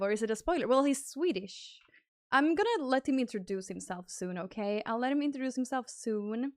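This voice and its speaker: A young woman streaming live, chatting casually and squealing excited thanks to donors. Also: fairly high pitch, fairly quick, no echo, studio quality.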